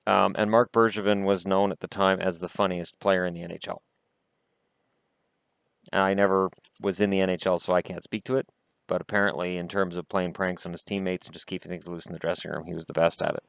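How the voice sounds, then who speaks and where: Deep-voiced sarcastic Canadian man. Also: little pitch movement, fairly quick, gravelly, fairly bright tone, smooth, dry recording. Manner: sarcastic, adds snide asides to what he reads. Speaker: hockey vlog host. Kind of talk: casual commentary reading from an old yearbook.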